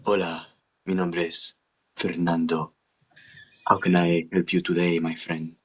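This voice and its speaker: Man doing a Latin lover, Spanish accent, low, soft seductive croon, muffled lo-fi audio. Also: level tone, unhurried, husky, full character voice. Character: smooth-talking male Latin lover.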